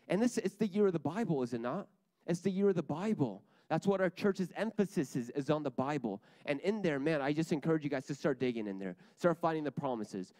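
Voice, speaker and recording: A man's voice: a little high, animated, brisk, a little mellow, dry recording. A young man giving an earnest sermon to a church group, repeating his key lines for emphasis.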